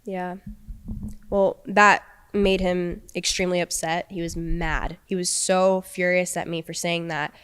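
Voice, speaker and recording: A young woman appears as a podcast guest, casually telling a personal story and quoting what people said. Her voice is on the low side, smooth and fairly bright, with a flat, unhurried delivery.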